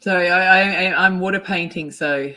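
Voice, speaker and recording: A chatty woman talks loosely to her livestream viewers while she colors, her voice sitting a little on the low side. She greets people in the chat by name and gets excitable. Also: normal speed. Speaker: art livestream host.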